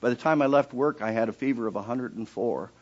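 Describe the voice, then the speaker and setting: This man is giving his personal testimony from the pulpit, shifting between hushed, low storytelling and loud, high-pitched outbursts as he acts out his prayers. He speaks fast, and the sound quality is lo-fi.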